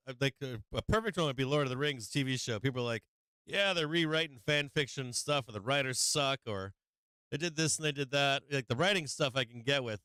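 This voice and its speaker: Profane laughing livestream host, clear dry voice. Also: male voice, mid-range voice, sharp tone, no room sound. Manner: profane, laughing often, rambling. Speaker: live stream host. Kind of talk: casual profane rant on a live stream.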